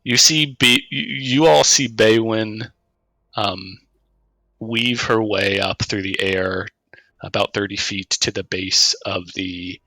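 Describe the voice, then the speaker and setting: A man running a tabletop game as game master, narrating at an unhurried pace with frequent hesitations. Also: lowish voice, fairly even intonation, creaky, pushed and bright, no room sound, rough recording.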